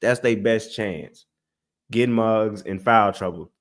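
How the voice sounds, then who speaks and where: A young man hosting a casual sports livestream, talking straight to his chat in an animated, exasperated way. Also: on the low side, slow pace. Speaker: sports podcast host.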